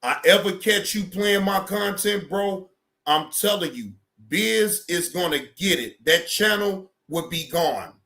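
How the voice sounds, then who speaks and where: A man's voice: high-pitched, expressive, measured pace, sharp tone. A man on a stream, delivering a blunt, repetitive warning rant. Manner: blunt, warning, repeats himself.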